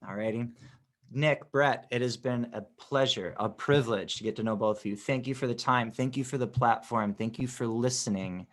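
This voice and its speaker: A man's voice: medium pitch, moderate pace. A man talking as a musician guest on a podcast, in an eager, rambling way. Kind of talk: casual interview chat.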